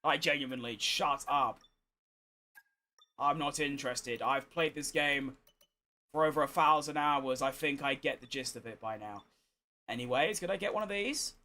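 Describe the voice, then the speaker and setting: Hoarse man talking over a game. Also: on the high side, moderate pace, bright, forceful tone. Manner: chatty, exasperated, swears freely. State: hoarse, tired. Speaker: gaming streamer. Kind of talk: casual gameplay commentary.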